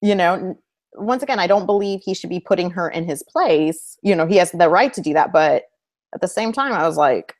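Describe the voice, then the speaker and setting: A woman co-hosting a casual TV discussion, opinionated and animated, often acting out quotes from the characters. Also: on the low side, fairly quick. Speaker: podcast co-host. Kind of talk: casual chat.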